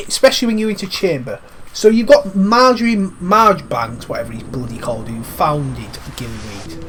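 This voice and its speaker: A man with a bit of a cold gives cheeky, rambling commentary over a game. His pitch swings a lot as he talks. A faint hum sits underneath. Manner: cheeky, rambling, swears lightly. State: has a cold. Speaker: gaming commentator. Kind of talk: casual let's-play commentary.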